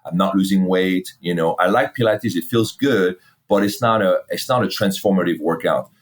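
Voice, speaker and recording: A middle-aged man, a fitness company founder, telling his story in a casual interview, animated, swearing freely and acting out old conversations. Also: low voice, moderate pace. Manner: animated, swears freely, acts out past dialogue.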